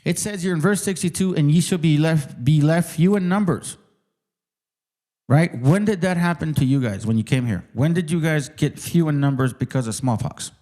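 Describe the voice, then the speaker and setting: Hosting his own channel, a man goes on a heated, casual rant at viewers in a fairly high, mellow voice at a moderate pace. He swears, mocks, picks fights and repeats words to hammer points home.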